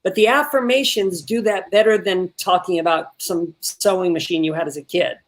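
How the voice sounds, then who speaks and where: A man teaching an online acting workshop. He is animated and repeats words when excited, and he swears casually while giving feedback. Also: high-pitched, normal speed. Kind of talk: coaching an actor in an online workshop.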